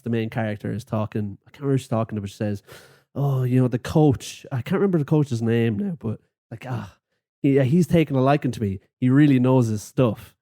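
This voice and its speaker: A man's voice: mid-range voice, dark tone, no room sound, clean studio sound. A young Irish man co-hosting a podcast, retelling film scenes in casual chat with lots of laughing. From Ireland. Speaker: podcast co-host.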